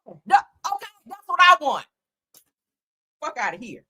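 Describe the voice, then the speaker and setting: A woman on her own channel tearing into a reality show in a blunt, cursing, sarcastic rant. Her voice sits high and bright and swoops up and down as she goes off. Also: big pitch swings, a little slow. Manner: blunt, profane, heated, sarcastic. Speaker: host. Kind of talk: ranting reality TV commentary.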